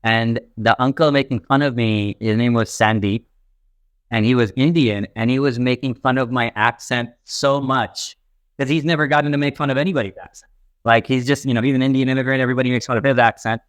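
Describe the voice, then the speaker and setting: A young stand-up comedian from a Pakistani family who grew up in Texas, telling stories in a rambling, animated way full of fillers. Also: male voice, medium pitch, brisk, no echo. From Pakistani family, raised in Texas, later Canada. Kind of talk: casual interview talk.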